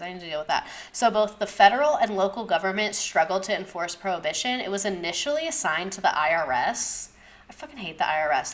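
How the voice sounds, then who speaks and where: A woman's voice: on the low side, a bit bright. A young woman teacher giving a casual history lesson, chatty and sarcastic, swearing and drifting into tangents.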